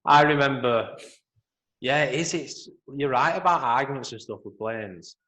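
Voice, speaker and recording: A young man co-hosting a podcast, chatting casually with relaxed, sweary banter. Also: mid-range voice, normal speed, low-quality recording. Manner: laid-back sweary banter. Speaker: podcast co-host. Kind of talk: casual chat.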